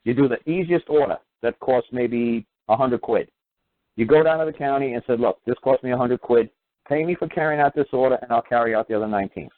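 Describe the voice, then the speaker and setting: A man's voice: mid-range voice, brisk, no echo. Man telling a story over a tinny phone line. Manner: animated, acts out quoted voices. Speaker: talk show host. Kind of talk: casual storytelling monologue.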